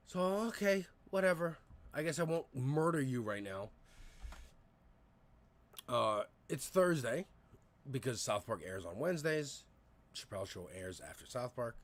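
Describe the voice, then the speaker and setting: A man's voice: mid-range voice, big pitch swings, a little slow, long pauses. A man in his thirties telling stories on a casual livestream, rambling and profane, with lots of fillers and restarts. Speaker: live streamer.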